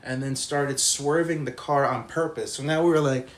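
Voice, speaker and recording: A young man telling a long college story to a live stream chat, animated and profane, laughing as he goes. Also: mid-range voice, moderate pace, slight background noise.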